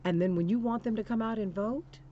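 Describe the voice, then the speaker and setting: A woman's voice: a little high, fairly quick, a little hiss or hum. Impassioned woman talk host, lo-fi sound. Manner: emphatic, preacher-like repetition, addresses listener as "honey". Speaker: radio talk show host.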